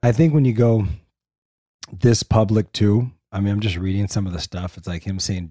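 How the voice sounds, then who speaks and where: A man co-hosting a podcast in casual chat, teasing and questioning, and quick to laugh. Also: lowish voice, warm tone, no echo, clean studio sound. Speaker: podcast co-host.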